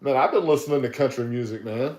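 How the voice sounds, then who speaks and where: A man's voice: mid-range voice, fast talker, darkish tone, roomy sound. A man, co-hosting a podcast in casual chat, stammering and repeating words. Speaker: podcast co-host.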